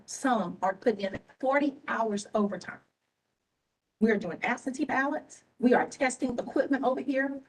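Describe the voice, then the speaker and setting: A woman speaks in a fairly high voice, hammering her points home with emphatic repetition. She sounds tired and emotional as she scolds at a public meeting, picked up from a little way off the microphone in a government meeting room. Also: recorded from a distance, poor audio. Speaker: elections official at a public board meeting. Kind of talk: impassioned public remarks.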